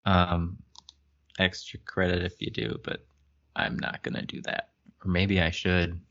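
A man's voice: low voice, flat delivery, a little slow, vocal fry, a bit bright. A man co-hosting a casual podcast, reading a book aloud and making wry, joking remarks about it. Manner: wry, laughs at the text. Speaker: podcast co-host. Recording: muffled lo-fi recording.

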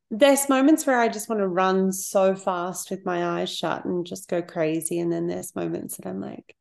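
A woman with a touch of vocal fry chats casually as a podcast guest. She thinks out loud, open and unguarded, with phrases that drift and restart. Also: mid-range voice, fairly even intonation, unhurried. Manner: open and reflective, light laughs, trailing phrases. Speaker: podcast guest, creative business owner. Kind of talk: casual interview chat.

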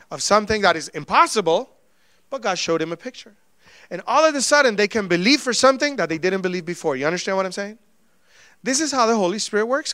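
A male pastor preaching a sermon, telling personal stories in a lively way and acting out the dialogue in them. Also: high voice, dry recording, clean studio sound. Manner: animated storytelling, acting out quoted dialogue.

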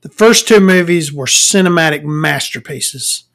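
A tired man hosting a solo podcast from a small dark room at home, talking casually into a desk microphone and rambling between jokes with lots of fillers. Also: a little high, a little slow, gravelly. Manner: rambling and joking, with many fillers. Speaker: podcast host.

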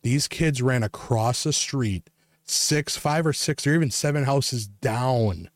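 A man's voice: mid-range voice, slow, no echo. A young man hosting a podcast, telling a long story in casual, rambling chat full of filler words. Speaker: podcast host.

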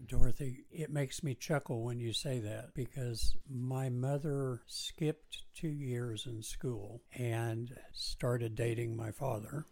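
A man co-hosting a recovery podcast, telling relaxed family anecdotes in a casual chat. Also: mid-range voice. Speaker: podcast co-host.

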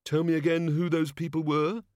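A man's voice: a little high, little pitch movement, moderate pace, darkish tone, dry recording, studio quality, pitched above the performer's own voice, close to an everyday voice. A man voicing a bewildered, queasy small male god who speaks in a plaintive, puzzled way.

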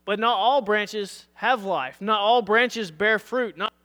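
A man preaching a sermon as pastor, reading scripture aloud and checking in with his listeners, his voice going hoarse. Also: high voice, takes it slowly, bright, forceful tone, big-room sound. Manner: earnest preaching, reads scripture aloud, asks "All right?". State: losing his voice.

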